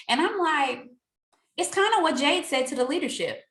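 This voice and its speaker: A young adult woman giving a casual motivational talk to her sales team, animated and preachy, often laughing and acting out what others said. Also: sits high, brisk, reverberant.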